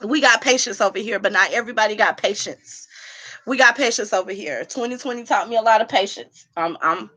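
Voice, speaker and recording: A woman hosting a casual livestream while drinking, sassy and animated as she talks back to the chat from home. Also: mid-range voice, fairly quick. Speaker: livestream host.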